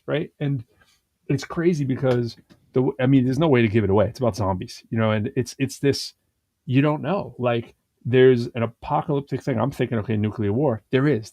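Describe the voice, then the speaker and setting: A man of middle pitch talks casually on a podcast, his voice warm and mellow. He rambles in an animated way, restarting sentences and leaning on fillers. The sound is dry and close. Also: no room sound. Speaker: podcast co-host. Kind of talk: casual conversational chat.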